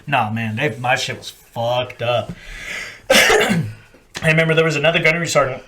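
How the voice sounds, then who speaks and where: A man hosting a podcast, telling stories in casual, profane chat and acting out yelling sergeants. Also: mid-range voice, steady tone, normal speed. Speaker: podcast host.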